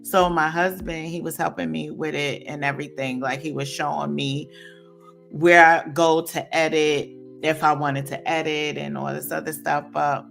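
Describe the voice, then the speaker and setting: A woman co-hosting a casual livestream chat, talking bluntly and candidly. Her voice sits very low with a gravelly edge, yet the tone cuts bright and forceful. Faint music plays behind her. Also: normal speed. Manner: blunt, candid, animated when emphatic. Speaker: guest co-host.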